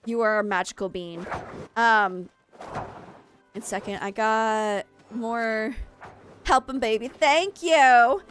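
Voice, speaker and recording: A woman's voice: fairly high pitch, fairly even intonation, takes it slowly, pauses often, fairly bright tone, soft background music. Tired, chatty woman game streamer. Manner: rambling and chatty, with frequent fillers. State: tired and sleep-deprived. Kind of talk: casual chat while streaming gameplay.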